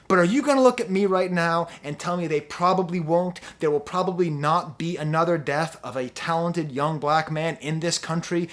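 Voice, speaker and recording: A man's voice: a little high, moderate pace, few pauses, fairly bright tone. A man reviewing an album on his channel, ranting with sarcastic rhetorical questions and growing impassioned. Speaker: music reviewer.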